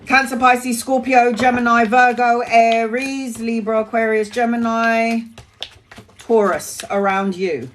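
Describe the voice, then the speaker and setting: A woman's voice: fairly high pitch, fairly even intonation, a little slow, slight background noise. A woman giving live tarot readings to viewers, chatty and emotional, calling people by name and laughing easily. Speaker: tarot reader.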